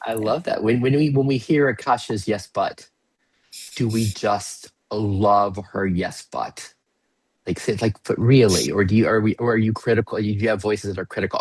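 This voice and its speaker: A man leading an online workshop over a video call, asking slow, gentle, inviting questions and now and then breaking into playful bursts. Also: lowish voice, husky, no room sound, low-quality recording. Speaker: workshop facilitator. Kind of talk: guided reflective workshop talk.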